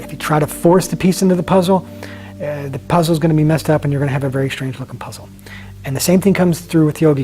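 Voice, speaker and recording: Man, yoga instructor, calm guided cues, slightly higher voice, soft music underneath. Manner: calm, slow guiding cues with soft drops in volume.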